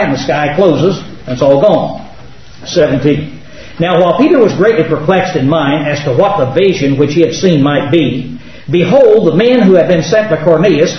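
A man's voice: fairly high pitch, a little hiss or hum. A man teaching a Bible study class, emphatic and full of rhetorical questions to his students, recorded in a classroom. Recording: muffled lo-fi, echoey room, far mic.

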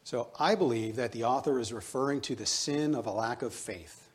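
A man's voice: mid-range voice, moderate pace. Middle-aged male pastor, earnest sermon delivery, mid-range voice, exhorting tone. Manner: earnest, exhorting, personal running anecdotes.

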